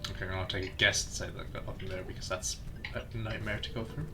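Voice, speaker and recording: A man's voice: low voice, flat delivery, quick pace, background noise. A man streaming a video game, chatting casually with friends and muttering self-deprecating jokes while he searches. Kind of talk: casual gameplay commentary with friends.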